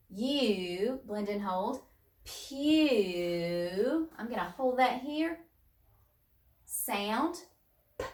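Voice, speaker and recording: Woman, phonics teacher, slow patient drilling, roomy sound, heard from a distance. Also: mid-range voice. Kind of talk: phonics lesson for young children. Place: home room, distance learning.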